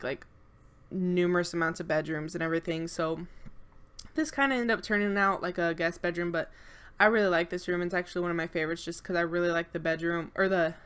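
A woman's voice: lowish voice, a bit bright, smooth. A young woman co-hosting a game channel, talking through a casual voice-over into a desk mic at home. She rambles with lots of filler, brags playfully, and sounds a bit stuffy-nosed and short of breath. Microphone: desk microphone at home.

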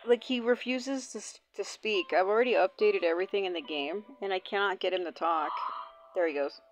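Casual, profane young woman gamer. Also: medium pitch. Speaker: gaming channel host. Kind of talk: casual gameplay commentary. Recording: dull lo-fi audio, faint game music.

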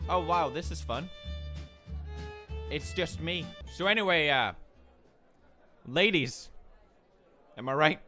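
A young man doing comedic gaming commentary, shouting with mock anger and laughing between sarcastic remarks. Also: fairly high pitch, expressive, takes it slowly, pauses often, soft background music. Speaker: gaming YouTuber. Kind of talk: joking gameplay commentary.

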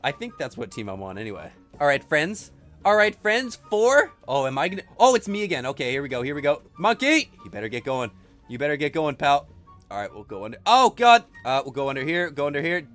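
A gaming YouTuber man with a high, light voice narrates his play in energetic bursts. He exclaims often and says things twice. Faint game music plays behind him. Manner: energetic, quick to exclaim, often repeats himself. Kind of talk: excited let's-play commentary.

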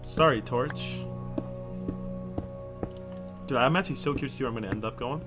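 A young man doing casual Minecraft let's play commentary, excitable and swearing often, with sudden loud outbursts. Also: medium pitch, moderate pace, music in the background. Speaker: gaming YouTuber.

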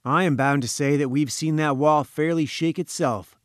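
A man's voice: fairly high pitch, moderate pace, no echo, close to an everyday voice. A man voicing a wry, matter-of-fact male companion in an audiobook, speaking in a dry, joking way.

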